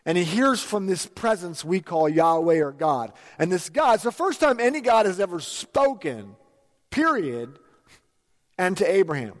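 Man, pastor, high voice, storytelling sermon, long church reverb. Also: sing-song, moderate pace.

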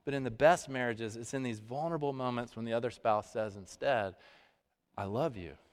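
A pastor giving a conversational sermon, with dramatic pauses. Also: male voice, mid-range voice. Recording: long hall reverb.

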